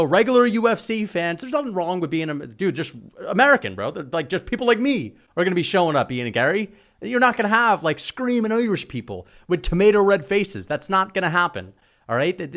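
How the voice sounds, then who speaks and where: A man from New rants about combat sports in a high, lively voice. He mocks and swears freely, with the loose tone of a casual vlog. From New York. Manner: mocking, profane, animated. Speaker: MMA commentator vlogger. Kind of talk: casual rant.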